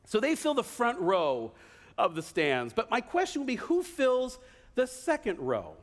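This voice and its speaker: A man preaching a sermon with a notably high voice, animated and vivid, sometimes acting out cheering voices. The sound carries a long church-hall reverb. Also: a little slow. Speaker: pastor.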